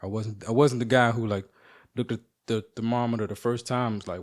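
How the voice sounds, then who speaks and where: A man hosting a podcast at home, telling a rambling, animated, profane story in casual talk. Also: mid-range voice, a little fast. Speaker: podcast host.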